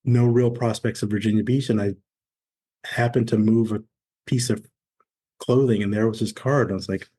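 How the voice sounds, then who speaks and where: A man in his forties tells his story as a podcast guest. His voice sits low and sounds husky. He speaks candidly and acts out the dialogue of the people in his story. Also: normal speed, long pauses. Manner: candid, animated storyteller acting out quoted dialogue. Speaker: podcast guest, former Navy SEAL. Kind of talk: conversational storytelling interview.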